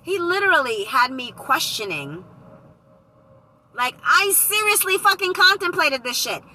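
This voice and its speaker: Bright-voiced woman telling a profane story. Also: sits high, a little slow, poor audio. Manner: animated, profane, slips into loud quoted voices. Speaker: vlogger reading live comments. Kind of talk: casual storytime chat.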